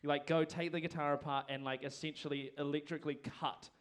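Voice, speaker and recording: A man's voice: a little high, level tone, brisk. Rambling, jokey New MC guy. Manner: rambling, self-deprecating, jokey. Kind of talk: live event hosting banter. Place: performing arts venue stage. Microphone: handheld microphone.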